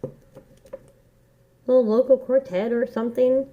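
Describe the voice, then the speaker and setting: A woman with a fairly high voice gives a casual tarot reading, earnest and encouraging, coming back to the same phrases again and again. The recording sounds dull and lo-fi, like a simple home setup. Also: fairly even intonation, moderate pace. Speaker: tarot reader.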